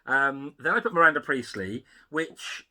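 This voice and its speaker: This man has a very bright, forward voice. He chats casually as a co-host, tossing in quick asides and laughing often. His pitch sits in an ordinary middle range. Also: expressive. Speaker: podcast co-host. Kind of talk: casual review chat.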